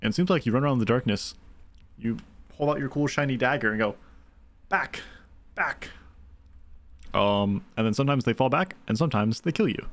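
A man streaming a video game who chats along casually and thinks aloud, speaking straight to his viewers. His voice sits at an everyday middle pitch for a man. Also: fast. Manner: chatty, thinking aloud, talking to chat. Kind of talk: casual commentary over gameplay.

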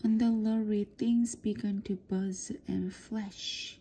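A woman reading a children's storybook aloud for practice, softly and often in a whisper. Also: medium pitch, fairly even intonation, slow pace, hardly any pauses, a little hiss or hum. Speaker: reader.

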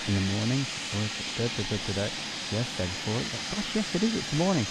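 A man from the north of England hosting a live stream, chatting excitably with lots of fillers and laughs. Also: fairly low pitch, fast, very noisy. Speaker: livestream host. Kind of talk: casual live chat reading viewer comments.

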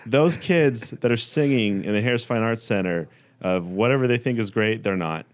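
A young man with a somewhat low voice jokes his way through a relaxed office podcast. He is teasing and sarcastic, chatting easily with coworkers. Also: normal speed. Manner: joking, sarcastic. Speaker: podcast co-host. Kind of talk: casual office banter.

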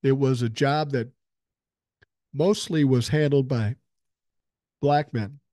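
A man's voice: mid-range voice, fairly even intonation, slow, warm tone, dry recording, studio quality. An older man hosting a solo podcast, telling stories and answering listener mail bluntly, with frequent swearing. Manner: profane, blunt storytelling. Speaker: podcast host. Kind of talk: casual solo podcast talk.

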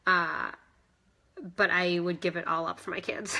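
Fitness-trainer woman in her thirties, bright voice, talks to live viewers like friends and gets emotional. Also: fairly low pitch, steady tone, measured pace. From United States. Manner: chatty, emotional, addresses live viewers by name. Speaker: fitness instructor vlogger. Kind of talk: live-streamed personal vlog.

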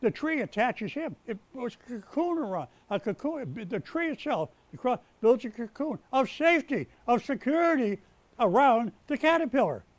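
An older man preaches with a high, lively voice that swoops up as he builds to his points. He stumbles and repeats words, then presses on. The sound is dry and close. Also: normal speed, no echo. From United States. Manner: stumbles and restarts mid-sentence. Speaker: pastor. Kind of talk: sermon. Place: rescue mission chapel.

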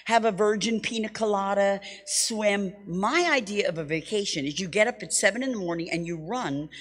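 A middle-aged woman teaching at a Bible school, telling a personal story in a lively, self-mocking sermon style. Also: mid-range voice, normal speed. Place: church hall. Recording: long hall reverb.

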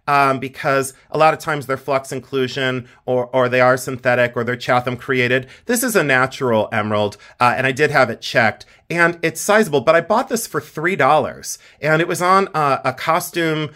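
Bright-voiced chatty man. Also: mid-range voice. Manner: chatty, self-deprecating, laughs often. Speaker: jewelry collector vlogger. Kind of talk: casual show-and-tell vlog.

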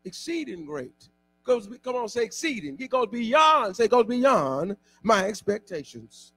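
A male pastor preaching a sermon, calling on the congregation to repeat after him and often shouting. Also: high voice, sing-song, measured pace, breathy edge, dry recording. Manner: exhorting call-and-response preaching, often shouting.

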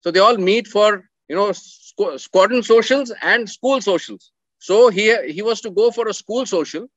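A middle-aged man tells a story in an earnest, emphatic way and repeats his words for weight. His voice sits high for a man. The sound is dry and a little dull. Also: moderate pace, no echo. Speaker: speaker telling a coursemate's story. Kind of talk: storytelling talk with slides.

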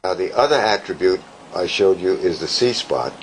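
A man's voice: deep voice, lively intonation, moderate pace, noisy background. An older man working as a voice therapist, coaching a patient in a clinic room and demonstrating sounds as he explains.

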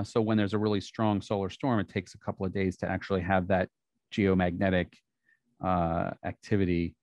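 A man's voice: fairly low pitch, dry recording. A middle-aged man giving a live photography seminar, chatty and loose, full of ums and restarts. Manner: chatty, many fillers and restarts. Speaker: photography presenter.

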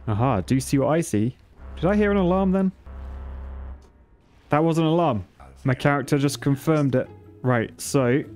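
Excitable man playing a game. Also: a little high. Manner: excitable, swears and laughs while playing. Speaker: gaming channel host. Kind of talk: live gameplay commentary.

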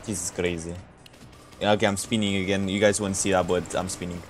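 A man streaming a shooter game with viewers, reacting excitedly and swearing, his voice jumping high when shocked. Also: brisk, faint music behind. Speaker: gaming streamer. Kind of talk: casual live game commentary.

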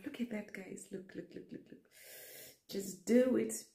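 Gushing young woman, slow and gravelly. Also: mid-range voice. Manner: gushing, excited, talks straight to viewers. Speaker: vlogger. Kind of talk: casual unboxing vlog. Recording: echoey room with faint noise.

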